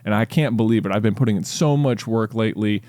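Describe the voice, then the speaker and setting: A man's voice: lowish voice, fast, mellow, dry recording, lightly acted. A man doing an exasperated fired worker.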